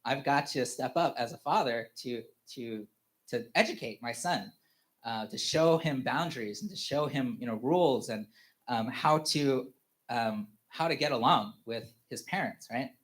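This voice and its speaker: Halting man sharing a testimony. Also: medium pitch, fairly bright tone. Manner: halting, full of "you know" fillers and restarts; chuckles often while telling stories. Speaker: father giving a testimony at a family church service. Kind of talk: personal sermon testimony.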